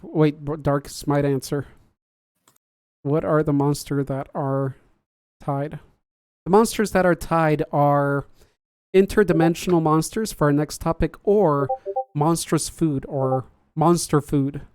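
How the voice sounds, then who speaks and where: Brief: laid-back podcast host, mid-pitched, dry close sound, chats and laughs with live viewers. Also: slow, a little mellow, no room sound. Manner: chatty, laughs often, jokes at own slips. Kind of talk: casual livestream chat.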